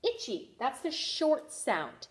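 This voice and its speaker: A woman teaches a first-grade reading lesson in a high, lilting voice that rises and falls a great deal. She speaks slowly and clearly, sounding out each letter. She cheers the children on as they clap out syllables. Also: sing-song. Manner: encouraging.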